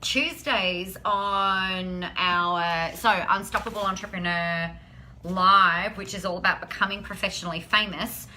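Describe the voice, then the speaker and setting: A woman's voice: medium pitch, steady tone, a little slow, bright, forceful tone, a little hiss or hum. A woman hosting a live stream, chatting in an upbeat, encouraging way and often saying "like". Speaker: host of a weekly live business show. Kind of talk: casual live-stream chat.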